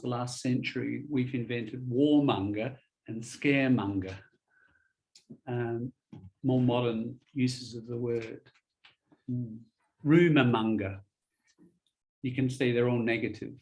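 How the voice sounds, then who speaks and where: A man's voice: mid-range voice, fairly even intonation, unhurried, a little mellow, lo-fi sound. Man, English teacher, patient explanations, casual lesson talk. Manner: explains patiently, spells words out, many fillers. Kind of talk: conversational one-on-one lesson.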